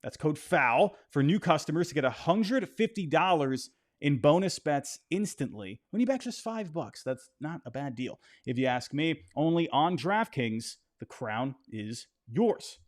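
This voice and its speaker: A man giving a loose, chatty baseball game recap and betting pitch, with frequent fillers and restarts. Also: very animated, a little slow, hardly any pauses.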